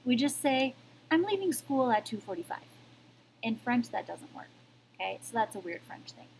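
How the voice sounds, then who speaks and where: A woman's voice: fairly high pitch, very animated, normal speed, vocal fry, a little hiss or hum, poor audio. A woman teaching a French grammar lesson, explaining patiently step by step and often checking in with "okay?". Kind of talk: recorded classroom lesson.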